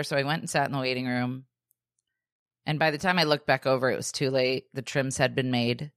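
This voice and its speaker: A woman in her thirties, a podcast co-host, telling a story in casual chat, animated and acting out the voices of the people she quotes, with lots of "like" and "dude". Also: deep voice, no echo, studio quality.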